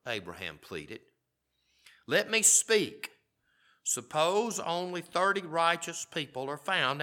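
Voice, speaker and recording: Bright-voiced male preacher. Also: fairly high pitch. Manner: reads scripture aloud and comments conversationally. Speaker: pastor. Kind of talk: sermon.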